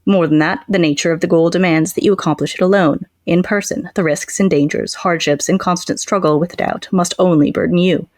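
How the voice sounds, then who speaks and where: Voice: medium pitch, steady tone, fairly quick, few pauses, no echo. A book podcast co-host reading a long passage aloud and chatting casually about it.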